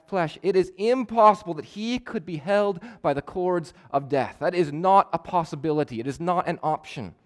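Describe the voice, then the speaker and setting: A male preacher delivering a sermon, emphatic and measured, repeating key phrases for weight. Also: on the high side. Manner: measured, stretches words for stress.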